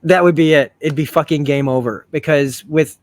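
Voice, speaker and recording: A man's voice: fairly high pitch, fairly even intonation, normal speed, no echo. A man hosting a casual review, thinking aloud with many restarts and frequent swearing. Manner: rambling, profane, with self-correcting restarts. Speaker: video essay host.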